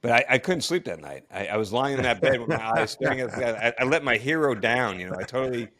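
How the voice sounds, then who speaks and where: Guy telling a story on a podcast, pitch jumps all over, lots of restarts and laughs. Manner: animated storyteller who acts out quotes, laughs often; halting, with many restarts and fillers. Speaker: podcast co-host, former astronaut. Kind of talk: casual storytelling chat.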